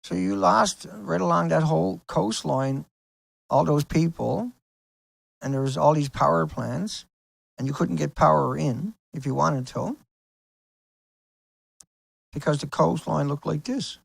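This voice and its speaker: Male video host, slightly high gravelly voice, rambling and insistent, dry close mic. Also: a little slow, pauses often, no echo. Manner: rambling, insistent, rhetorical questions. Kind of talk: casual explainer over screen pictures.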